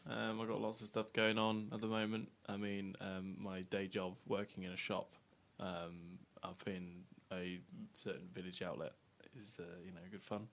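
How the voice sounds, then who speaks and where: Low-voiced, hesitant British man. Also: flat delivery, normal speed, vocal fry, a bit bright, slight background noise. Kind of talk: casual comedy chat.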